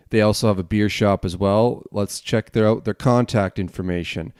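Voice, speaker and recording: A man's voice: on the low side, moderate pace, darkish tone, clean tone, no room sound, studio quality. A man hosting a casual solo podcast at home, rambling and chatty as he reviews a beer, with casual swearing. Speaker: podcast host. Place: home, at a desk.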